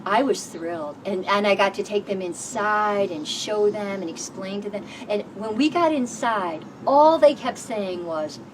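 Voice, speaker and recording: A woman, a homeowner, telling her own story in an expressive, animated way, recorded outdoors on a porch. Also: medium pitch, unhurried, few pauses. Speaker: housing program homeowner. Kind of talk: personal storytelling. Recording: distant mic with background noise.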